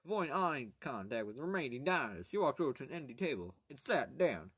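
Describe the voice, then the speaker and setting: A man's voice: medium pitch, sing-song, fairly bright tone, breathy edge, no room sound, studio quality. Rambling, joking man reading an audiobook aloud. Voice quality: jokey, crude asides and halting self-corrections. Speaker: amateur audiobook reader.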